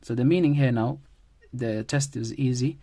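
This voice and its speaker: A man teaching a grammar lesson at a middle pitch. He repeats key phrases as he goes and builds each point around everyday examples, in a patient, classroom-style delivery. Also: moderate pace, mellow.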